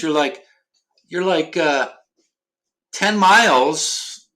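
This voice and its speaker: A man's voice: a little high, takes it slowly, bright, forceful tone. A middle-aged man from Ohio in casual chat, rambling with many restarts and fillers and casual swearing. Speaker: podcast host.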